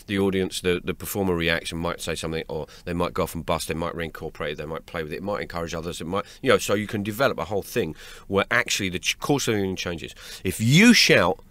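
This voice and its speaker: A man's voice: low voice, quick pace, few pauses, fairly bright tone, no echo. A man, a comedian guest telling a story in a radio interview, laughing as he goes and restarting his words. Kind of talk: animated anecdotal storytelling. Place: radio studio.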